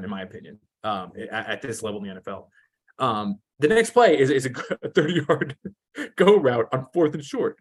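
A man co-hosting a casual sports betting podcast, animated and profane as he rants about play-calling. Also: medium pitch, husky.

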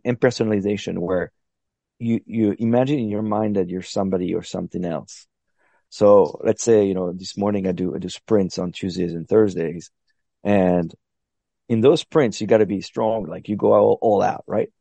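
A man's voice: on the low side, gravelly, warm tone, no echo. A man being interviewed on a podcast, explaining his methods in a thoughtful, step-by-step way with frequent restarts. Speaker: podcast guest, long-distance paddler. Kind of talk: reflective interview talk.

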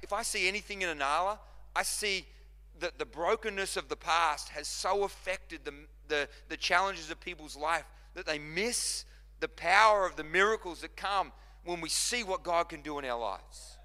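A man preaches a sermon with a forceful, tense edge to his voice, pitched a little high for a man. He presses his points through repetition and quick restarts. The long reverb of a big church hall rings around every phrase. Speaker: pastor.

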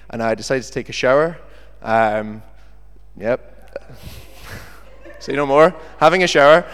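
Young British male preacher, lively and conversational, mid-range voice, hall echo. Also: medium pitch. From Britain. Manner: lively, chatty, jokey asides. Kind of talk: sermon with scripture reading. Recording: long hall reverb.

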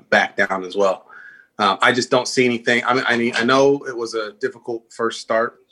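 A man's voice: on the low side, pushed and bright. A man co-hosting a casual sports podcast, opinionated, leaning on "I think" and lots of fillers. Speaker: podcast co-host.

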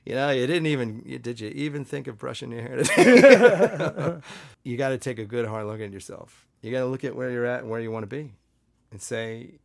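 A man's voice: mid-range voice, brisk, vocal fry, no room sound. A man, a comedian and actor guest, in casual podcast chat; he talks bluntly, gives advice and laughs often.

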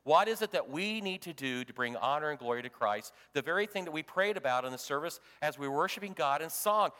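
A man preaching a sermon as pastor, swinging from loud emphasis to hushed tones. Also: a little high, expressive, fast, in a large hall.

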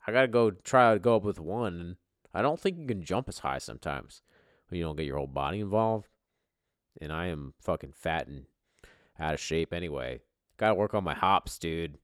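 Rowdy deep-voiced man hosting a podcast. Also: normal speed, no echo, studio quality. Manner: excitable, swearing, jumps in volume. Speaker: podcast host. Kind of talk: casual profane banter.

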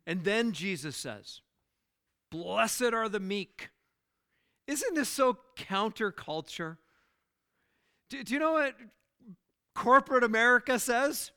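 High-voiced pastor preaching slowly and clearly. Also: male voice, very animated, pushed and bright. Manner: earnest preaching with rhetorical questions and repeated words. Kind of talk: sermon.

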